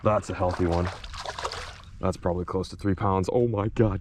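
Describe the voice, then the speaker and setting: A young man vlogging while fishing outdoors in winter, talking excitedly to the camera as he reels in fish. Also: low voice, normal speed, pauses often, a little hiss or hum. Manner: excitable, exclaiming and laughing while reeling in fish. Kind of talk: casual on-camera fishing commentary.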